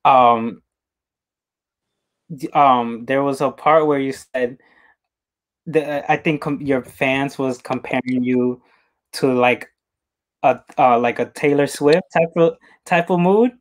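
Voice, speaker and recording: A man hosting an interview, talking casually in halting, rambling sentences with many repeated words. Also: medium pitch, steady tone. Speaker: interview host.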